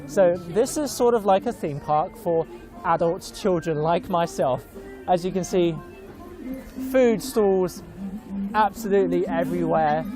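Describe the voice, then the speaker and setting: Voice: medium pitch, unhurried. A young adult reporter from northern China gives a friendly, chatty live walking tour, with many fillers. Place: busy outdoor market street in an old town. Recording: crowd and music outdoors.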